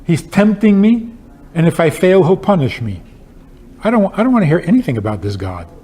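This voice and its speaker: Husky, mellow-voiced rabbi posing questions. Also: male voice, a little high, huge pitch swings, fast talker. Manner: rhetorical questions, emphatic and wry. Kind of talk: lecture with humorous storytelling.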